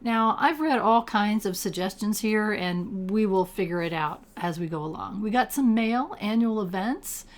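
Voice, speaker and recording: A woman's voice: medium pitch, normal speed, few pauses. Older woman, retired gamer, casual chatty commentary, reads on-screen text aloud. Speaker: game streamer. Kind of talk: casual let's-play commentary.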